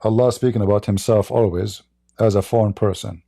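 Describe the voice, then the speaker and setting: Gravelly-voiced man mocking on a livestream. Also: on the low side, fairly even intonation, fairly quick, mellow, dry recording, studio quality. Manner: blunt, mocking, repetitive restarts. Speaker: livestream host. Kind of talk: livestream monologue.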